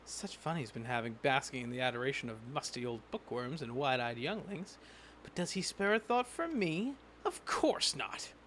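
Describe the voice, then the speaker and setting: A man's voice: mid-range voice, very animated, moderate pace, a bit bright, a little hiss or hum, voice pushed down. A man putting on a dramatic fairy voice. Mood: mock hurt. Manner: sweeping, dramatic, sing-song delivery. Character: grandiose doting fairy, theatrical and teasing.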